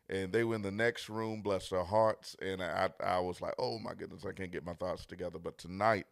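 A man pastor preaching a livestreamed sermon, repeating key lines and building from quiet greetings to loud, emphatic preaching. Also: sits low, clean tone, dry recording, studio quality.

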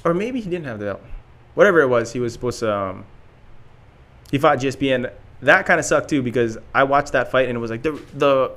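A man in casual podcast chat, telling stories in a relaxed way and filling pauses with "like.". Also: mid-range voice. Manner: relaxed storytelling, frequent "like" fillers, laughs between lines.

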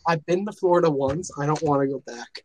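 A man's voice: on the high side, quick pace, a little mellow, slight background noise, poor audio. A man from Minnesota chatting earnestly on a voice call, rambling with plenty of restarts. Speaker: chat participant. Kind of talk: casual online voice chat.

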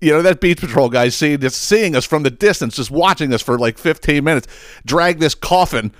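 A man's voice: on the high side, expressive, fairly quick, fairly bright tone, no room sound, studio quality. A man, hosting a podcast and telling a rambling, profane story in casual chat. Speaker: podcast host.

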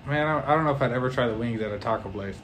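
A man's voice: mid-range voice, racing, fairly bright tone, soft background music. Young man teasing his friend on a podcast. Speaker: podcast co-host. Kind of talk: casual chat.

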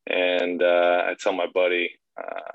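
Deep-voiced man telling crude stories. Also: monotone, measured pace, clean tone, muffled recording. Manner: profane storytelling, self-mocking humor. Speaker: podcast guest. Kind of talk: casual chat.

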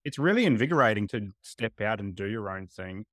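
A man hosts a podcast, asking earnest questions and sharing reflections in a relaxed way. His voice is on the low side. The sound is dry and close to the mic. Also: brisk, dry recording. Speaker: podcast host. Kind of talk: casual podcast interview.

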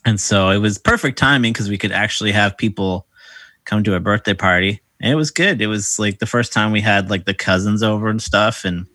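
Young male co-host, lower register, relaxed rambling storyteller, dry close mic. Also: brisk, dry recording. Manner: rambling, upbeat storytelling with many fillers. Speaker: podcast co-host. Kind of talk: casual chat.

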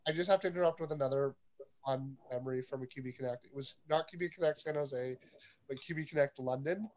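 A man's voice: mid-range voice, fast. A man hosting a casual panel chat, telling stories with a lot of laughter. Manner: lively, storytelling, laughs often. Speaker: podcast host.

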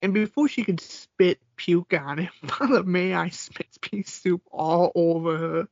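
A man's voice: high-pitched, unhurried, creaky, a little mellow, no echo. Man retelling a film with laughs. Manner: retells scenes quoting lines, laughs often. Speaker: podcast co-host. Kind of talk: casual movie recap chat. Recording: dull lo-fi sound.

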